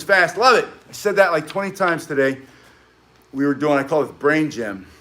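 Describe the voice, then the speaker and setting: A man's voice: fairly high pitch, fairly bright tone. A middle-aged man teaching martial arts in a casual live tutorial, chatting with viewers and wandering off on tangents. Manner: rambling, chatty, goes off on tangents.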